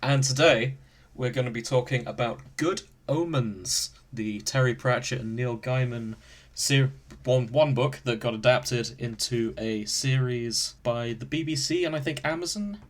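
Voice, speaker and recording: A man's voice: medium pitch, a little slow. A man hosting a podcast in casual chat, joking and laughing often. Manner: jokey, laughs often, animated. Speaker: podcast host.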